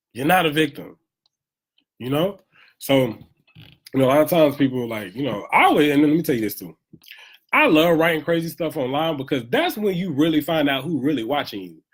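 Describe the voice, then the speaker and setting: Husky guy preaching motivation on a home livestream, repeats himself a lot for emphasis. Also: fairly high pitch, expressive, normal speed, long pauses. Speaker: motivational live streamer. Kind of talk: casual motivational monologue.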